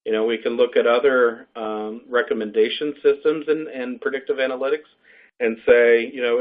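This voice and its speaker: A man explaining a business degree in an unscripted webinar talk, with frequent fillers and restarts. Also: mid-range voice. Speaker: program faculty speaker. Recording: tinny phone-like line.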